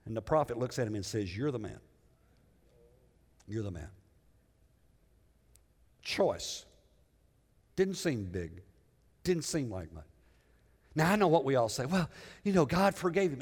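A male pastor preaching a sermon with dramatic swings between loud emphasis and hushed lows. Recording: long hall reverb.

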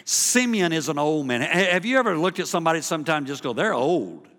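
A middle-aged man preaching a sermon as pastor, animated, acting out the voices of the people in his story and rising to loud emphasis. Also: a little high, quick pace. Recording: long reverb of a large hall.

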